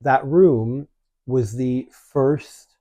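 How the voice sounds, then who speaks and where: Brief: male podcast host, warm mellow tone, lively storyteller, casual chat. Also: mid-range voice, extremely slow, dull audio. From Canada. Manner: chatty, animated storytelling.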